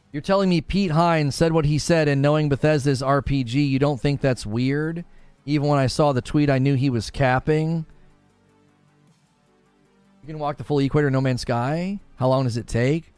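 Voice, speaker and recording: A man's voice: fairly high pitch, no room sound. A man streaming live, answering chat in a sarcastic, incredulous and emphatic way. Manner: animated, emphatic. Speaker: gaming streamer. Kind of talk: live commentary reading chat.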